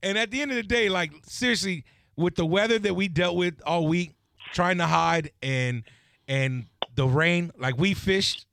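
A male radio host telling a story in a loose, animated way, laughing often. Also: high voice, normal speed, creaky, no echo, clean studio sound. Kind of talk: casual radio chat.

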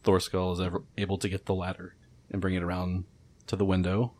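A man running a tabletop game as game master, narrating scenes calmly. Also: low voice, a little fast.

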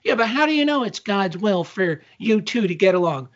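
A man's voice: high voice, very animated, normal speed. A middle-aged man co-hosting a casual spiritual podcast, telling a story animatedly and acting out the dialogue. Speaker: co-host. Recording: dull lo-fi sound.

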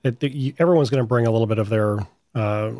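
A man co-hosting a podcast in casual conversation, halting, with many restarts and fillers. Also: medium pitch, mellow, no room sound, studio quality. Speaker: podcast co-host.

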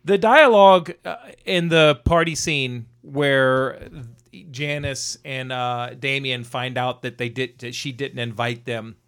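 Bright-voiced man in casual movie chat. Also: mid-range voice, slow, clear, resonant tone. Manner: animated, swears freely, acts out quoted lines. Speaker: podcast co-host.

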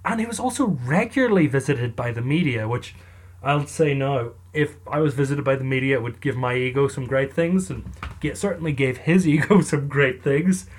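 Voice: medium pitch, moderate pace, slightly rough. Wry, chatty storyteller. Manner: chatty, wry, laughs while telling. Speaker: storyteller narrator. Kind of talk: casual storytelling narration.

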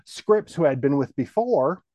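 Middle-aged guy telling his career story, laid back, lots of you-knows, mellow voice. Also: fairly high pitch, measured pace, dry recording. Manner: relaxed, rambling, with frequent "you know" fillers. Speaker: guest, TV station general manager.

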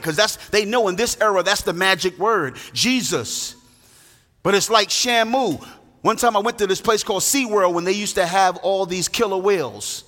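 A pastor with a high, slightly bright voice preaches emphatically, half-singing his phrases. He's recorded in a large church hall with long reverb.

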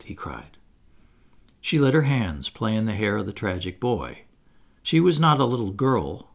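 A man narrating a classic storybook aloud in an expressive reading voice. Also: mid-range voice, gravelly. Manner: expressive, wide-ranging. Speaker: audiobook narrator.

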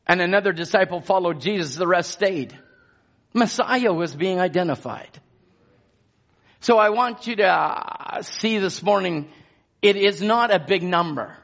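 A man's voice: high-pitched, expressive, unhurried, long pauses, fairly bright tone, dull audio. A man preaching a sermon with passion, his intensity rising and falling as he exhorts the congregation.

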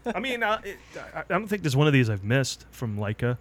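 A man's voice: a little high, big pitch swings, brisk, a bit bright. A man hosting a movie podcast, chatting casually and running a word game with stumbling restarts. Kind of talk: casual chat.

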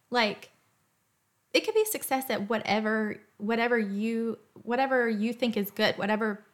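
A woman hosting a faith talk, speaking earnestly and emotionally in a gentle storytelling tone. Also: mid-range voice. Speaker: podcast host.

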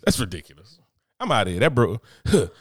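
A man's voice: medium pitch, sing-song, a little fast, no echo. A middle-aged man co-hosting a podcast in brash, profane, joking casual chat, a close mic in a dry room. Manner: brash, profane, joking, slips into mock voices. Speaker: podcast co-host.

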